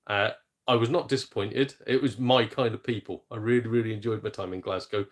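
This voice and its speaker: A man's voice: on the low side, fairly even intonation. Chatty joking man streaming. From England, Shropshire near the Welsh border. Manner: chatty, jokey, quick laughs, mild swearing. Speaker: gaming streamer and ex-comedian. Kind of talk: casual live-stream chat.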